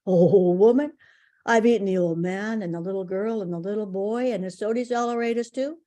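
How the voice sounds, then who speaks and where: A woman voicing a great big hungry bear in a folk tale, delivering slow, looming threats in a slightly lower voice. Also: warm tone, lightly acted. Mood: menacing.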